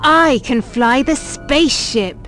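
A woman voicing a brave little male pet dog in a children's storybook, with high exclaiming lines. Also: expressive, slow, fairly bright tone, soft background music, heavily acted. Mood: confident.

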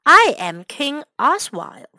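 Lady doing a hearty old walrus king, high and bouncy, dry close sound. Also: big pitch swings, slow, sharp tone, dry recording, full character voice. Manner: booming laugh, hearty.

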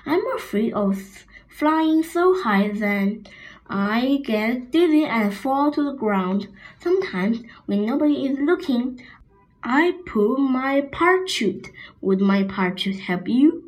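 A woman's voice: sits high, expressive, slow pace, a little mellow, low-quality recording. A woman reading a storybook, voicing a small, fretful bird afraid of heights.

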